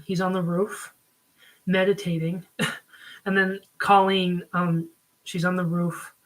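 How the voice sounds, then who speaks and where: A man's voice: high voice, sharp tone, rough recording. A man giving a casual spoken review, rambling with frequent ums and likes. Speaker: video reviewer.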